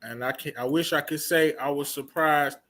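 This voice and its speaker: Male host with a high, bright voice, casual, plays up announcements. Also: steady tone, normal speed. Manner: hypes up announcements, stretches big titles. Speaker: host of a review show. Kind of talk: casual hosted chat with announcer flourishes.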